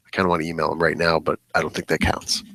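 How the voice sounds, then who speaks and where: A man's voice: very deep voice, level tone, rapid-fire, bright, forceful tone, no room sound. A man co-hosting a podcast, telling rambling stories in casual chat and laughing often. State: hiccuping.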